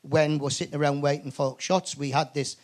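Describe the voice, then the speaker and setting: A man with a Geordie accent, a comedian guest telling stories on a live podcast, animated and swearing, stumbling over restarts. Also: a little high, brisk. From north-east England. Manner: animated storyteller, frequent stammered restarts, swears. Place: comedy club stage.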